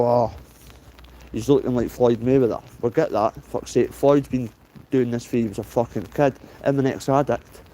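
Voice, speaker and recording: A man's voice: mid-range voice, warm tone, a little hiss or hum. A Scottish man in his late thirties with a Dundee accent, vlogging while he walks outdoors in the rain. He talks bluntly, swears freely and says "mate" at the end of almost every phrase. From Scotland. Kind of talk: casual walking vlog.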